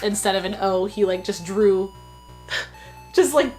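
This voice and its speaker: A young woman from Texas telling a casual storytime in a chatty, animated way, full of "like," her voice a bit worn from being sick. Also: medium pitch, a little slow, faint music behind. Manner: chatty, lots of filler likes, animated retelling. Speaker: vlogger.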